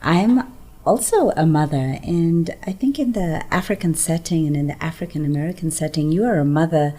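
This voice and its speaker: A middle-aged woman from Zambia speaks as a guest in a studio, earnest and warm. Her voice sits low for a woman. Her pace shifts between quick and unhurried. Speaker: guest, yoga teacher. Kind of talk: casual self-introduction.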